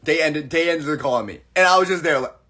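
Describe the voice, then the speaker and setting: A man with a slightly raised pitch hosts a casual livestream, chatting into his phone. He tells his stories in an animated way and acts out both sides of each conversation. His voice is husky. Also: fast talker. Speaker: livestream host.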